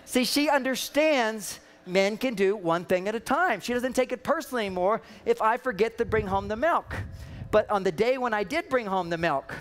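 A man's voice: high-pitched, lively intonation, moderate pace. A man giving a humorous seminar talk on an outdoor stage, playfully acting out the voices he quotes. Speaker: seminar speaker. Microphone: microphone catching wind.

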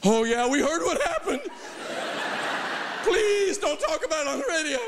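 A man's voice: very animated, moderate pace, full character voice. A man mimicking a flustered, apologetic store manager. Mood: pleading. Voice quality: pitched-up mimicking voice. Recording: faint noise with a long hall reverb.

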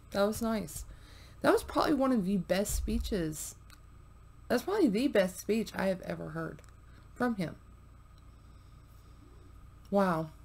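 A woman's voice: medium pitch, vocal fry, darkish tone. Chatty woman reacting to a video. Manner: chatty, frequent fillers, drops to murmurs. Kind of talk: casual chat to viewers.

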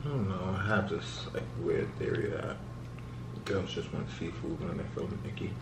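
A man's voice: deep voice, normal speed. A man chatting casually and teasing his partner in a playful way. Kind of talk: casual chat. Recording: distant, roomy, noisy.

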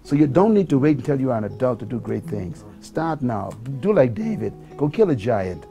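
A man's voice: mid-range voice, very animated, a little fast, dark tone, faint music behind. A man from the Bahamas with a Bahamian accent, telling a life story as a talk-show guest and building to preacherly exhortation. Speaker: guest speaker.

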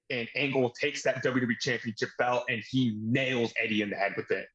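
A man with a mid-range voice recaps a wrestling show in casual podcast chat. He strings events together in long, steady narration, easygoing and conversational. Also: medium pitch, fairly quick, muffled recording. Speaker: podcast host.

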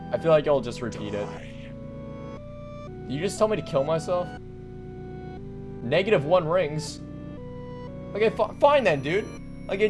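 A young man doing let's play commentary, hyper and rambling, joking around and breaking into sudden loud outbursts. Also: fairly high pitch. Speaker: gaming commentator. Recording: faint game music behind.

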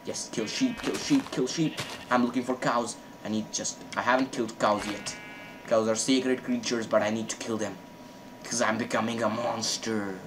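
A man's voice: mid-range voice, steady tone, normal speed, background noise. Chatty man narrating his own gameplay. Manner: chatty, repeats words in bursts while playing. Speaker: gaming channel host. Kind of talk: casual gameplay commentary.

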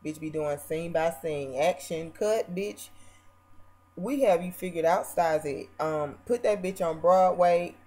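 A woman vlogger ranting casually about a reality show in a brash, profane, mocking way, swinging between loud bursts and muttered asides. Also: lowish voice, unhurried, few pauses.

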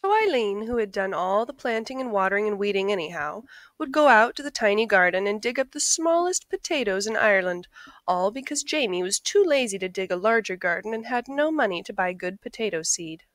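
A woman reading a picture book aloud in a friendly, expressive storytelling voice. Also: medium pitch, a little fast, no room sound. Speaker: storybook reader.

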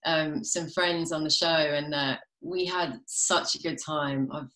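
A woman's voice: low-pitched, steady tone, unhurried, sharp tone, roomy sound. A British woman in her thirties, a guest actress chatting casually about her work with frequent laughter. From England. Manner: chatty, self-deprecating, laughs often. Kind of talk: casual chat. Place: home during quarantine, video call.

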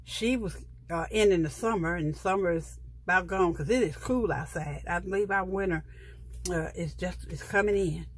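A middle-aged woman, a planner vlogger, flips through a sticker book in a casual show-and-tell, gushing over every page and chatting softly to her viewers. Her lowish voice is slightly rough and moves at a moderate pace.

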